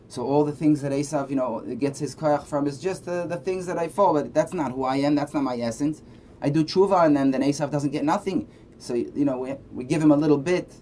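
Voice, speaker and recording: A man with a dark, mid-range voice gives a casual Torah lesson, talking conversationally and often checking in with "right?". Faint background noise sits under the recording.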